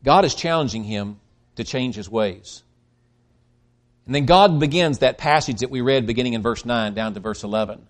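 A man preaching a sermon, emphatic and swinging between loud stresses and quiet drops, with frequent restarts. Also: mid-range voice, moderate pace. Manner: emphatic, rising and dropping in volume, with restarts.

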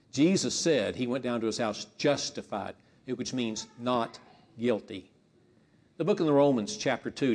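A man preaching a sermon with impassioned delivery, rising to emphatic peaks and dropping low, leading a spoken prayer. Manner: leads a spoken prayer to God.

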